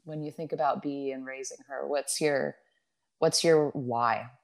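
A woman with a deep, slightly gravelly voice hosts an interview. She affirms her guest and asks gentle follow-up questions. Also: steady tone, a little slow. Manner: supportive, affirming. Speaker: host.

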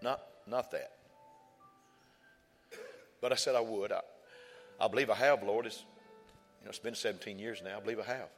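Folksy pastor in reverberant church. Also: male voice, lowish voice, normal speed, long pauses. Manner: folksy storytelling with emphatic repeated phrases. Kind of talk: sermon testimony. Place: church sanctuary. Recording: church hall reverb with faint music.

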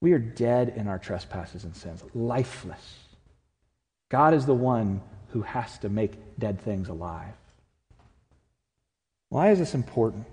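A man preaching a sermon as pastor, earnest, swinging from loud to hushed. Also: fairly low pitch, animated, a little slow, long pauses. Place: church sanctuary. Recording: long reverb of a church hall.

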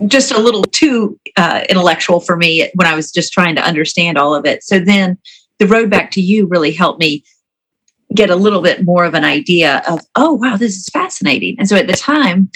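A woman's voice: on the low side, fairly bright tone, poor audio. A woman guest on a podcast, talking casually with eager enthusiasm about her work as a teacher and coach. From Atlanta, Georgia, USA. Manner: eager and enthusiastic, quick laughs. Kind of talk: casual interview talk.

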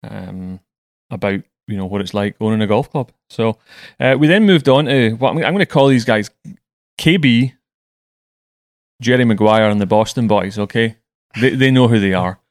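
A man's voice: lowish voice, normal speed, no echo, clean studio sound. A man hosting a podcast, telling stories in a chatty way and often stumbling over his words. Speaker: podcast host. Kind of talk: casual chat.

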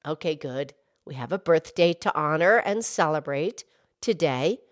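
On a playful podcast for kids, a co-host plays a patient, wise cartoon cow, speaking in a lowish, unhurried voice with lively intonation. She's in an explaining mood, going slowly and gently like a teacher. The sound is close and dry, with no room around it.

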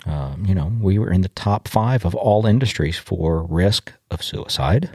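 A man's voice: sits low, expressive, a little slow, a little mellow, slightly rough, no echo, clean studio sound. A middle-aged man hosting a farm podcast, telling a story in a folksy, plainspoken way with frequent restarts. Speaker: podcast host. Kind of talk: casual storytelling monologue. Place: home in a rural community.

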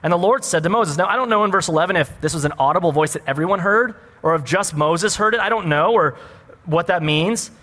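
A man preaching a sermon as a pastor, animated and full of rhetorical questions. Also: sits high, a little fast, long reverb tail.

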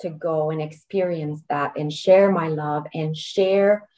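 A woman's voice: low-pitched, fairly even intonation, takes it slowly, mellow, low-quality recording. A middle-aged woman, a podcast guest, telling a personal story earnestly and getting choked up, with laughs between phrases.

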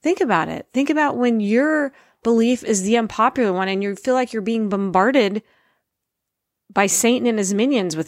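A middle-aged woman giving an informal, earnest faith talk as a parent, slowing down to stress her points. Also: fairly high pitch, no echo, clean studio sound. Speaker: Christian speaker, parent.

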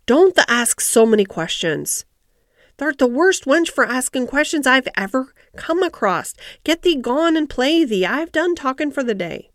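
A grumbling old Yorkshire gardener, as a woman reader puts him on, terse and slow to open up. His gruff, reluctant lines sit in a dry, close storybook recording with no room sound. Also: medium pitch, animated, no room sound, lightly acted. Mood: cross. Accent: Yorkshire dialect. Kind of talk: audiobook character voice.

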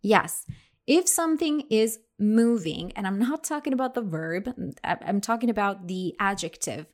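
A woman's voice: mid-range voice, expressive, moderate pace. A young adult woman explaining English expressions in a casual lesson, chatty, with many fillers and restarts. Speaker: English teacher.

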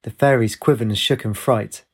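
A man narrating a fantasy story with a measured, expressive reading. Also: on the low side, breathy edge.

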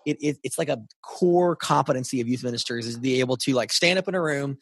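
A man hosting a podcast, talking in a relaxed, chatty way with lots of casual fillers. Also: medium pitch, fast talker, slightly rough, no room sound, studio quality. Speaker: podcast host. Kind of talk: casual conversational interview.

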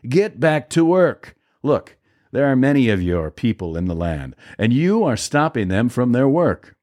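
A man reading scripture aloud and giving a proud, scornful Egyptian king a slower, more contemptuous delivery in a lively voice. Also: mid-range voice. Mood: angry.

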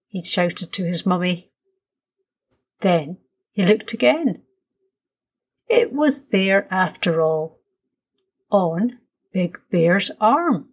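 A woman reading a children's story aloud in a slow, soothing storytelling manner. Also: fairly low pitch, lively intonation, breathy edge.

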